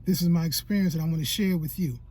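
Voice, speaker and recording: Husky tearful man telling his story. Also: fairly high pitch, very fast, darkish tone. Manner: colloquial, repetitive, heartfelt. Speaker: YouTube creator. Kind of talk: emotional personal storytelling vlog.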